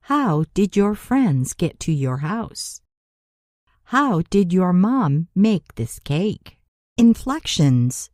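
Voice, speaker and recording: A woman narrating a scripted grammar lesson as an English teacher, speaking deliberately and spelling out letters for learners. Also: on the low side, big pitch swings, darkish tone, no room sound, clean studio sound.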